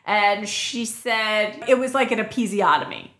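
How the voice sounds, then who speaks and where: A woman's voice: mid-range voice, lively intonation, a bit bright, echoey room. A woman in her forties co-hosting a podcast, talking bluntly and mocking herself. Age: 40s. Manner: blunt, self-mocking, quick bursts of laughter. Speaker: podcast co-host. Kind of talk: casual chat.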